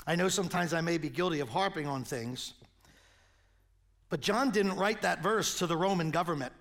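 A man in his sixties, a pastor, preaching a sermon and telling a lively story. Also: a little high, normal speed. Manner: animated storyteller, acts out voices in anecdotes.

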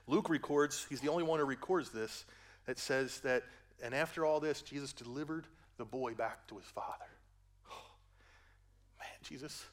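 Older male pastor, sermon delivery, dynamic from hushed to booming, folksy. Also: brisk. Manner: swings from hushed and gentle to loud climactic preaching; folksy asides, addresses listeners as folks.

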